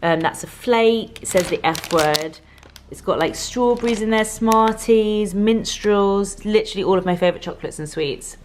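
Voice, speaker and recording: A woman's voice: mid-range voice, moderate pace, a little hiss or hum, rough recording. A young woman chatting casually to camera in a vlog, bubbly and full of fillers, first at home and then out in town. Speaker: vlogger.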